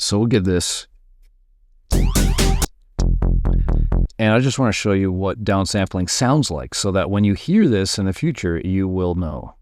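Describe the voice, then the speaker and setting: A man casually teaching music production, thinking aloud while he works and muttering at his software. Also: low voice. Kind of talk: casual screen-recorded tutorial.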